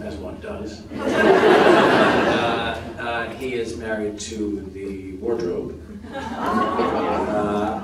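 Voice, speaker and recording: An American man answering audience questions on a convention panel, relaxed and self-deprecating, laughing often. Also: lowish voice. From United States. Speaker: actor guest on a convention panel. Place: large convention hall with audience. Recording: very echoey hall from far off, noisy.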